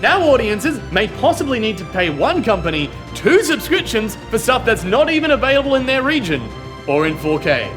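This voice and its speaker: A man's voice: extremely high pitch, big pitch swings, moderate pace, music in the background. A man co-hosting a comedy show, reading mock news in a mock-serious, playful way.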